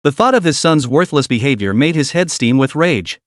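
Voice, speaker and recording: A man narrating a story in an even, steady reading voice. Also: fairly high pitch, normal speed, dry recording, studio quality.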